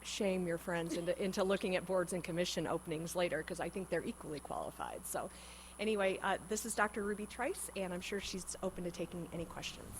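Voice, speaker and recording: Low-voiced woman introducing a nominee. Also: fast, a little hiss or hum, low-quality recording. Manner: conversational, many fillers. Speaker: state senator introducing a nominee. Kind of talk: formal remarks. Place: legislative hearing room.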